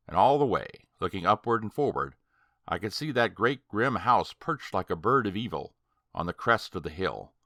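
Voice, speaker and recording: Deep-voiced male horror narrator. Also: bright, forceful tone, no room sound, studio quality. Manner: slow and deliberate. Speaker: audiobook narrator. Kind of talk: slow, dramatic horror story reading.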